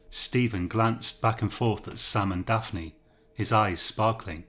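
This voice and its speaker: A man narrating a horror story in a measured, steady manner. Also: fairly low pitch.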